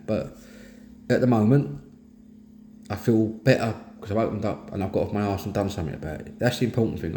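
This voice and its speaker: A middle-aged man with a London Cockney accent speaks in a low, mellow voice, plain-spoken and earnest. The sound is echoey, as if recorded in a bare room, with a faint hiss underneath. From East London, England. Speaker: host of a mental health talk. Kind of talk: candid personal monologue.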